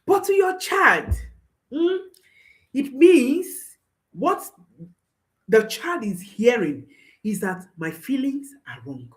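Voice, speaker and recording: Slow, lively-voiced woman parenting coach. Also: high-pitched. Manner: emphatic, repeats phrases, checks in with "hmm?". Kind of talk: advice talk to viewers.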